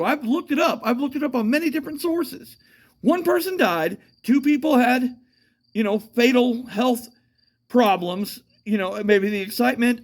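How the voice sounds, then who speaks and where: A man rambles through a casual monologue. He swears freely, trails off, and circles back with fillers and repeated starts, as if talking off the cuff outdoors at night. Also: very high voice. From United States. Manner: profane, meandering, with frequent fillers and restarts.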